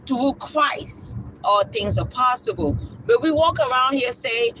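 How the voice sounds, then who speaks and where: A livestream spiritual speaker preaching with passion, emphatic and repetitive, often tagging questions onto a point and now and then rising to a shout. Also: high voice, expressive, measured pace, a little hiss or hum, poor audio.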